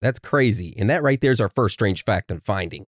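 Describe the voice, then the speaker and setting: Low male voice, podcast co-host who leads the segments, plain dry recording. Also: animated, fairly quick, no room sound. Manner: steers the episode, reads from notes. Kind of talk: casual podcast chat.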